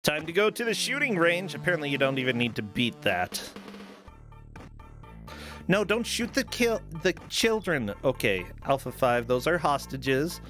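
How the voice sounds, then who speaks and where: A man's voice: on the high side, normal speed, faint music behind. A man hosting a casual game stream, commenting playfully on the action and cracking jokes. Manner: playful, jokey, animated. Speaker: stream host.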